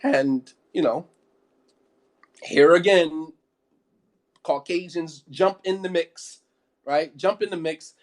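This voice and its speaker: Fiery high-voiced male preacher. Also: slow, long pauses. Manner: fiery, rhetorical questions, many repeated phrases. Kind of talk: impassioned sermon.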